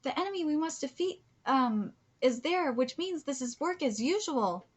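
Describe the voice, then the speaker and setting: A woman's voice: high-pitched, animated, moderate pace. A woman reading the lines of a cold, stern young female army commander from a manga, in her own voice. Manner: plain reading of manga dialogue.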